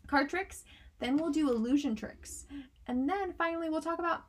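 A woman's voice: high-pitched, moderate pace. A young woman co-hosting a casual podcast, playful and teasing with mock-serious setups. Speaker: podcast co-host. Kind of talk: casual chat.

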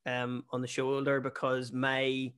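A man's voice: medium pitch, completely flat delivery, a bit bright, smooth. Chatty Northern Irish comedian, man. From Northern Ireland. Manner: chatty storyteller, quick jokes. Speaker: stand-up comedian and podcast guest. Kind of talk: casual podcast chat.

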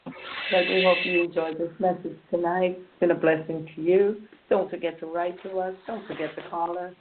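A man's voice: high voice, flat delivery, normal speed. A man hosting a prayer show, affirming callers with short amens and signing off, over a hissy phone line. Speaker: radio prayer-show host. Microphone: phone call.

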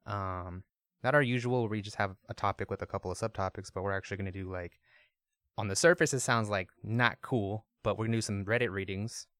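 This podcast co-host chats casually and laughs a lot. He speaks fairly quickly in a fairly low, slightly bright voice, and the studio recording is dry and clean.

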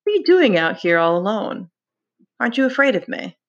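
A woman's voice: mid-range voice, very animated, muffled recording, voice pushed up. A woman voicing a mocking, menacing pig's-head beast. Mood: taunting menace. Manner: mocking, menacing, slow and deliberate. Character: taunting sinister pig's-head beast, male. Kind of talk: dramatic read-aloud.

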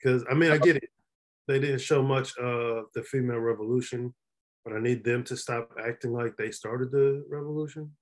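A man's voice: medium pitch, fairly even intonation, normal speed. A man co-hosting a casual wrestling podcast, blunt and opinionated as he talks. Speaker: podcast co-host.

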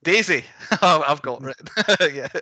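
Man hosting a film podcast, very bright and dry-sounding voice, laughs a lot, keen. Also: on the high side, takes it slowly, no room sound. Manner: animated, laughs often, stumbles over restarts. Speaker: podcast host. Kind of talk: casual film-review chat. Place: podcast recording.

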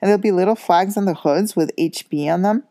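A woman reading aloud and voicing a mischievous teenage boy with a dry, teasing manner and a gravelly, mellow voice. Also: mid-range voice, fairly quick, no echo, voice pushed up, natural voice.

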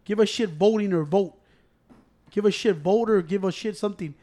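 High-voiced, foul-mouthed man telling a story. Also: moderate pace. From United States. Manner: profane, animated, switches between English and Spanish. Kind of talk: casual storytelling among friends.

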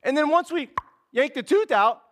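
High-voiced man preaching casually. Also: animated, normal speed, fairly bright tone. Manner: casual and conversational, says man and dude. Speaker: pastor. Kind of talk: sermon.

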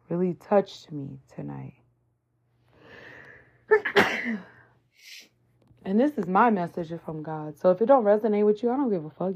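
A woman preaching a fierce, profane spiritual message, leaning hard on drawn-out words. She speaks slowly, pitched a little low. The recording sounds dull and lo-fi. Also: vocal fry, darkish tone, breathy edge. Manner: intense, swearing, drawn-out emphatic phrases. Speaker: spiritual vlogger.

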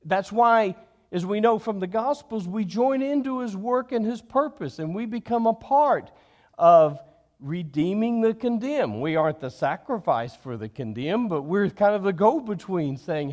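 A man preaching a sermon in an unhurried way, dropping low and soft on key words. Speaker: pastor.

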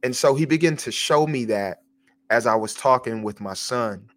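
A man's voice: medium pitch, normal speed, no echo. An earnest man hosts a devotional podcast and tells a personal story. He talks in a mid-range voice, stops often to restart and repeats words on his way to the point. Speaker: podcast host.

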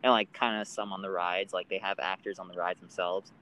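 A man hosting a casual outdoor chat, joking around and laughing loudly. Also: deep voice, little pitch movement, fairly quick, dull audio. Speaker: host.

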